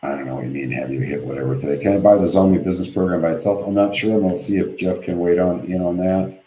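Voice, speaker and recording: A man's voice: deep voice, steady tone, fast, mellow, echoey room, a little hiss or hum, low-quality recording. A man hosting a live webinar from home, reading viewer questions aloud and answering them bluntly and offhand. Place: home office.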